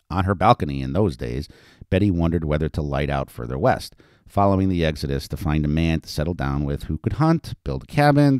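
Deep-voiced man narrating a story. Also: no room sound, studio quality. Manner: expressive, animated storytelling. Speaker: audiobook narrator. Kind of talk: scripted narration.

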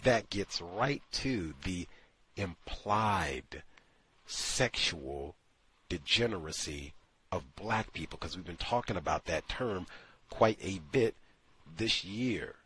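Male call-in host, low husky voice, animated emphatic delivery, dry close sound. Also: slow pace, dry recording. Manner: emphatic, incredulous, acts out quotes. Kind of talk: opinionated radio monologue.

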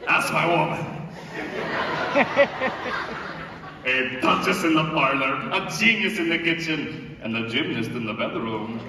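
A man's voice: on the high side, expressive, slow, long pauses, background noise. A man playing a flamboyant, gallant father in a stage musical, recorded in an echoey hall from far away. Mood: doting. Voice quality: theatrical, grand and playful.

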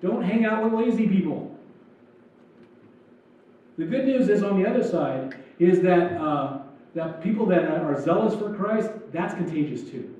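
Male pastor, high mellow tone, chatty joking sermon, distant dull recording. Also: animated, unhurried, pauses often. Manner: conversational, jokey preaching with acted-out asides. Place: church sanctuary. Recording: echoey church hall, distant dull mic.

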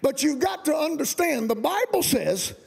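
Gravelly high-pitched shouting preacher. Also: male voice, sing-song, normal speed. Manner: shouting, colloquial, Southern-style preaching with rising emphasis. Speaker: guest pastor. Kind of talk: fiery preaching sermon. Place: large camp meeting venue.

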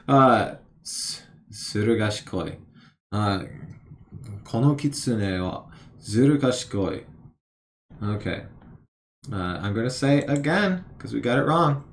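A man talks through his study session at an unhurried, drawn-out pace, musing aloud. He repeats each word several times as he tries to recall it and mocks his own slips. His voice sits at a middling pitch for a man. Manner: musing, repeats words slowly while recalling, self-deprecating. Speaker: language learner vlogger.

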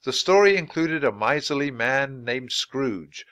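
Expressive male storybook reader. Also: medium pitch, measured pace, no room sound. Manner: clear, expressive reading. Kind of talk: children's book read-aloud for English learners.

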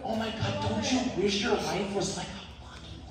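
A man's voice: high voice, moderate pace. A man hosting a stand-up comedy show, rambling and self-deprecating, laughing through his lines. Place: live comedy venue on stage. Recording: echoey room, distant mic, loud noise.

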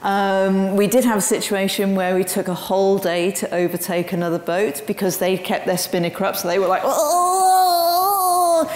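A woman giving a public lecture, telling her story in a lively way with frequent ums. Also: medium pitch, fairly quick, few pauses. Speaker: guest speaker. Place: lecture hall. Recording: roomy hall with long reverb.

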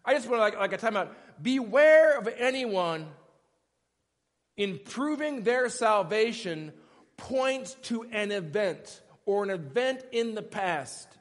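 A man's voice: sits high, lively intonation, takes it slowly. A male pastor preaching a sermon in a conversational, emphatic way, often stopping to ask questions. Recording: echoey church hall.

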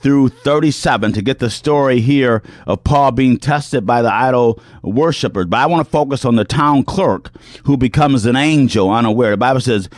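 A man with a Southern US accent, a pastor delivering a radio sermon in an animated, sing-song preaching cadence. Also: mid-range voice, no room sound, studio quality.

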